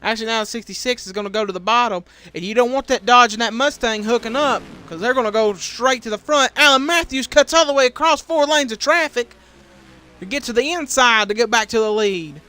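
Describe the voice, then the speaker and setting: High, bright young man calling a race. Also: fairly quick, smooth. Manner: shouts and speeds up at crashes. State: voice giving out. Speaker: race commentator. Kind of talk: excited play-by-play commentary for a sim racing league.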